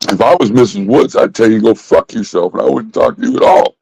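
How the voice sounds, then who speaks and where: A man's voice: fairly low pitch, fast talker, vocal fry, a little mellow, husky, dry recording, low-quality recording. Exasperated swearing man ranting. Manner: exasperated, profane, repeats himself. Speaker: vlogger. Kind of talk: casual rant.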